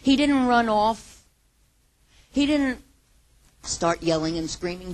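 A woman preaching a sermon with passion, her voice moving between hushed and loud. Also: fairly low pitch, expressive, a little slow, long pauses, rough recording.

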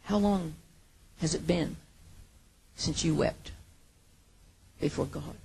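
A woman preaching a sermon, earnest, moving from hushed, quiet lines to emphatic ones. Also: sits low, slow pace, vocal fry, husky.

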